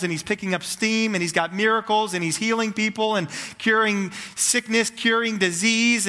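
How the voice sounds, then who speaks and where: A man's voice: high voice, pushed and bright, long reverb tail. A man preaching a sermon, telling a story in long, building runs of clauses with fervent delivery. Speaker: pastor.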